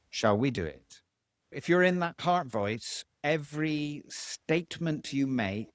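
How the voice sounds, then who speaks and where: A man, a voice coach explaining vocal tones in an interview, demonstrating by swinging his pitch high and low. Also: no echo, clean studio sound.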